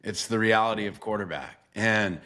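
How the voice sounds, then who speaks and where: Low bright-voiced man hosting a podcast. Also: normal speed. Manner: earnest, swears casually, many fillers like "bro". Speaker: podcast host and former quarterback coach. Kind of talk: emotional interview conversation.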